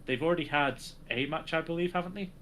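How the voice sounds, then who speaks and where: Bright-voiced man recapping wrestling. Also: a little high, fast talker, slight background noise. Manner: sarcastic, recaps segments with acted quotes. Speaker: podcast co-host. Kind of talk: casual wrestling chat.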